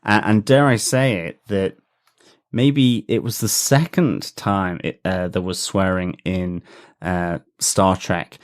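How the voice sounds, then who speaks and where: A man's voice: low voice, fairly even intonation, takes it slowly, clear, resonant tone. A man co-hosting a podcast, chatting enthusiastically with frequent fillers and restarts. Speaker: podcast co-host. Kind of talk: casual podcast discussion.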